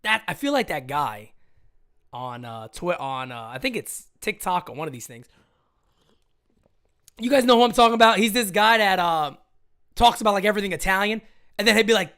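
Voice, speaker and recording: Animated high-voiced male sports streamer. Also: smooth. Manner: hyped, rapid shout-outs, frequent restarts. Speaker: livestream host. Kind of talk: energetic fan livestream talk.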